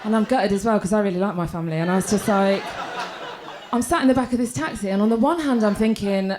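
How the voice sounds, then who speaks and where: A woman's voice: mid-range voice, fast talker, crowd noise, noisy background. A young woman performing a stand-up set on a comedy club stage, telling crude, self-mocking stories with lots of "right?" tags.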